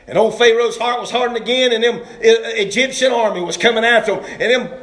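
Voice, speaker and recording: Man, preacher, high-pitched, folksy sermon, shouts then hushes. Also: echoey room.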